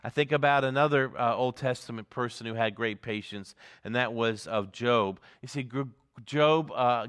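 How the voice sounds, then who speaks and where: A man's voice: medium pitch, fairly bright tone, clean tone. A man preaching a sermon and leading a group Bible reading, earnest and given to repeating words for emphasis. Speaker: pastor.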